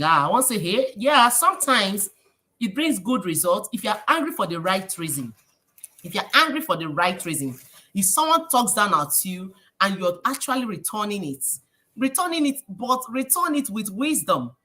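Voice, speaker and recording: A woman with a Nigerian accent hosting a casual livestream, preachy and lively, slipping in Pidgin phrases. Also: mid-range voice. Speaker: livestream host.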